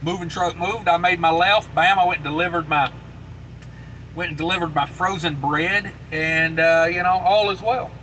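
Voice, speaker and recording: Trucker host, male, easygoing livestream chatter, somewhat high and forceful tone, faint vehicle hum behind. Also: steady tone, moderate pace, rough recording. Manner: laid-back and rambling, with many fillers and repeated phrases. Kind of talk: casual live chat, reading viewer comments aloud.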